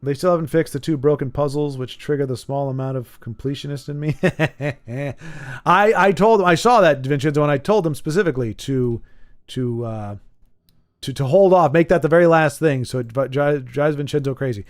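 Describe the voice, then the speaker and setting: A man's voice: fairly high pitch, moderate pace. Chatty, rambling male game streamer. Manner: rambling, joking, self-correcting. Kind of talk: casual live-stream chat.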